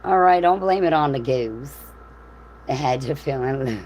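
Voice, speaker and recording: A woman rambles through a casual livestream, profane and amused. Her voice sits low. A faint hiss runs underneath. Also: expressive, normal speed, a little mellow, poor audio. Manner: rambling, profane, laughs often.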